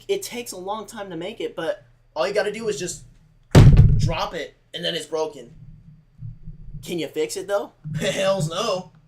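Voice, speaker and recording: A man streaming and talking straight to his chat in a loose, rambling way, leaning on "like" and stuttered restarts. His voice sits a bit higher than most men's, and his tone is earnest. A faint hiss runs under the recording. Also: poor audio. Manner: rambling, heavy use of "like", repeats himself; earnest, close to tears at times. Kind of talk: casual livestream monologue.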